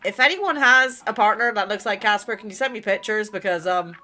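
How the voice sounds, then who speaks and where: A woman's voice: mid-range voice, a little fast, music in the background. A woman hosting a romance game playthrough, gushing and giggling in casual commentary. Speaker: gaming channel host. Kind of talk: casual let's-play commentary.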